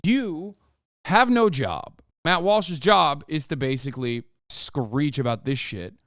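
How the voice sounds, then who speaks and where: Mouthy guy streamer, kinda high voice, ranting and swearing, dry close mic. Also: animated, fairly bright tone, dry recording. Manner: profane, mocking rants, reads aloud fast. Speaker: streamer reacting to an article. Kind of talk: live stream commentary.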